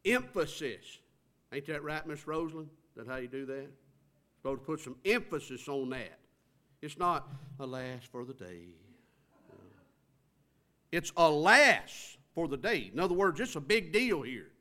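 A man's voice: on the high side, lively intonation, normal speed, pauses often, fairly bright tone. Emphatic preacher man. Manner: preaching with rising emphasis, rhetorical questions. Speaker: pastor. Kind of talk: sermon. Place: church sanctuary.

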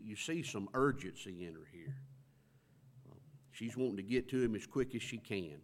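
Middle-aged male preacher, folksy conversational sermon, mid-pitched voice, acts out the quotes.

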